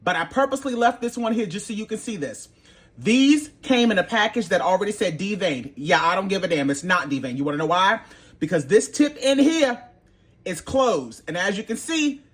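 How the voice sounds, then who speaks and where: Sassy cooking guy, kinda high voice, blunt and animated, loud playful hollers. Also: fairly quick. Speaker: home cooking channel host. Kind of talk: casual cooking tutorial.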